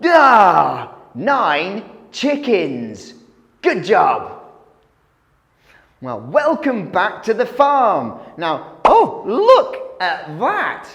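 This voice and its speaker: A man's voice: high-pitched, huge pitch swings, very slow, a bit bright, big-room sound. A man teaching English vocabulary to children, sounding out letters and animal noises.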